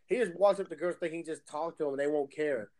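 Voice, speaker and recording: A man's voice: on the high side, fast talker, a little mellow. A man co-hosting a casual chat, chiming in and recounting what he has seen at conventions. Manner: chiming in with short agreements and quoted asides. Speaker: podcast co-host. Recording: noisy background hiss.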